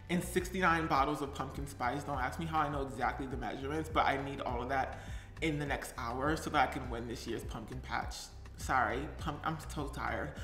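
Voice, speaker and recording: A man's voice: sits high, pushed and bright. A man playing a tired, chatty young woman baker on a live stream, giggling and reading viewer comments aloud. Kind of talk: character live stream comedy. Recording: roomy echo, faint music.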